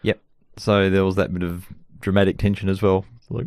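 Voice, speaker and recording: A man's voice: deep voice, little pitch movement, fairly quick, darkish tone, no echo, studio quality. A man co-hosting a sitcom podcast, talking in a laid-back, casual way and thinking aloud as he goes. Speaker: podcast co-host. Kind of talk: casual chat.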